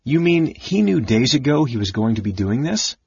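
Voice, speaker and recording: A man voicing a big, burly male warrior who talks in a gruff, grumbling way. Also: fairly low pitch, lively intonation, fast, a bit bright, no room sound, lo-fi sound, exaggerated voice.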